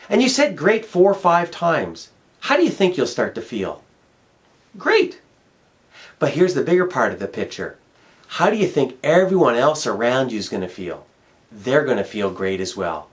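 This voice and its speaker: A middle-aged man, a motivational speaker, giving an emphatic self-help talk and repeating key words for effect. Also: mid-range voice. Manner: storytelling.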